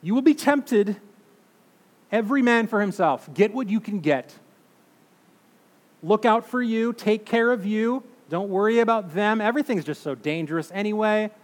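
A man in his thirties or forties preaching a sermon, emphatic, swinging between loud declarations and hushed, slow phrases. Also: high-pitched, lively intonation. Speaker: pastor. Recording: long reverb of a large hall.

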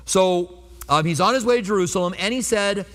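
Fifties pastor guy preaching, talks to the room like a chat, bit high pitched, echoey hall. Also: brisk, fairly bright tone. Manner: conversational, asks the congregation rhetorical questions. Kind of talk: sermon.

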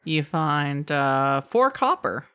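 Low-voiced woman running a tabletop game. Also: sing-song, slow pace, a bit bright, smooth. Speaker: game master.

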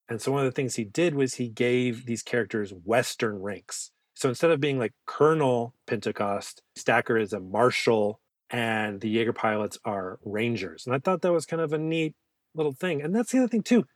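A man co-hosts a movie podcast, riffing with animated, profane jokes and quick asides. His mid-pitched voice is close-miked and dry, with no room around it. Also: dry recording. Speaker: podcast co-host. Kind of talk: casual movie-review chat.

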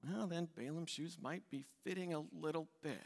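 A pastor giving a conversational sermon, retelling a story and acting out its voices with a light laugh. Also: male voice, on the high side, normal speed, gravelly, in a large hall.

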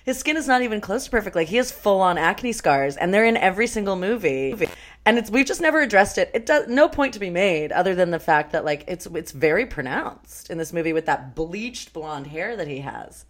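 Low-voiced woman chatting animatedly. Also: a little fast. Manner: animated, swearing, laughs often. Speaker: podcast co-host. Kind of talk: casual chat about a film.

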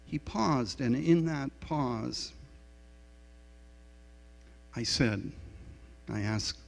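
A middle-aged male pastor preaches slowly and deliberately, with a gravelly, husky voice. He tells stories in a frank, self-deprecating, confessional way. The sound rings in a long church reverb, with a low mains hum underneath. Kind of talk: sermon. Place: church sanctuary.

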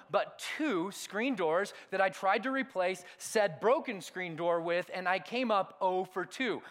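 A middle-aged male pastor preaches a sermon, telling a story that swings between loud outbursts and hushed asides. His voice sits high.

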